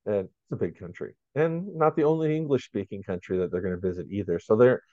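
Low-voiced man, dull lo-fi chat. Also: fast, no room sound. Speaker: ESL teacher in conversation. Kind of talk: casual interview chat.

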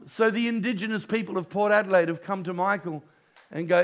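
Impassioned preacher man, gravelly. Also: high voice, fairly quick. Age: middle-aged. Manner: impassioned storytelling preacher, swings from hushed to loud. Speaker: pastor. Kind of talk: sermon.

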